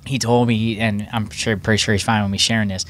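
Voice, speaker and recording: A man co-hosting a sports podcast in casual chat. He talks in an excitable, rambling way, with many restarts. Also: lowish voice, a little fast. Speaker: podcast co-host.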